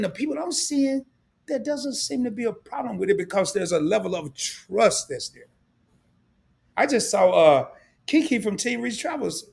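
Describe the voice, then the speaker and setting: A middle-aged man hosts a casual live stream, chatting straight to his viewers. His voice sits high and gravelly and swoops widely as he talks. He laughs often and repeats words as he works through his thoughts.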